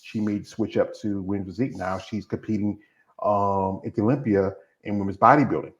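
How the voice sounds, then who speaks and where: Low-voiced man on a dull, lo-fi recording. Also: fairly even intonation. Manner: rambling, halting with many fillers and restarts. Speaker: interview host. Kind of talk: casual interview chat. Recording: dull lo-fi sound.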